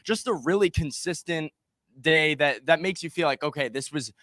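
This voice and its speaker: A man co-hosting a sports talk show, breaking down football plays in a measured, casual way. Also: a little high, fairly bright tone, no echo, clean studio sound. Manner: measured, analytical, uses "I mean" and "you know". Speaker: sports podcast co-host.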